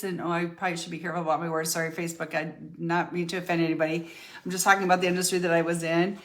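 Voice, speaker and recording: An older woman shares her life story with her followers, chatting candidly to the camera with lots of fillers and restarts. Her voice is fairly low and level, and she talks fast.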